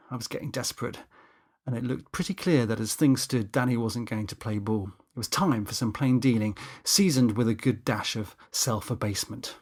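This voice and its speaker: A man's voice: medium pitch, normal speed, husky. A man narrating a comic audiobook in the first person, wry and exasperated, with swearing asides.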